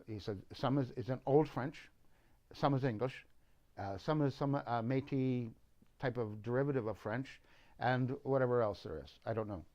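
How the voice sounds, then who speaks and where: Rambling man, lo-fi sound. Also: mid-range voice. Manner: rambling, halting, with many fillers and restarts. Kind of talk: rambling monologue. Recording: dull lo-fi recording.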